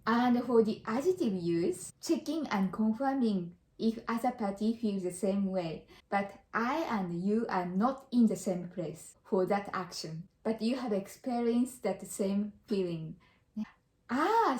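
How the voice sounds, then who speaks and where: A woman's voice: medium pitch, expressive, unhurried, darkish tone. Japanese lady teaching in english, bouncy up and down voice, echoey room. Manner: repeats example phrases, drops in Japanese fillers. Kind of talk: casual language lesson.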